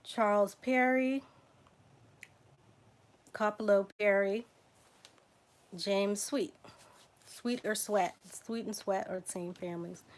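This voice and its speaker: A woman with a Southern drawl hosts a relaxed livestream at an unhurried pace. She reads names aloud, spelling some letter by letter, and chats casually with her viewers. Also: mid-range voice. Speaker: genealogy livestream host. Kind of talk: casual livestream reading surname lists.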